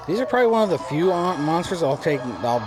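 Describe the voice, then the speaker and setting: A let's-play commentator rambles as he narrates his gameplay, repeating and restarting himself, with game music audible underneath. His voice is a little high, very animated, and fast.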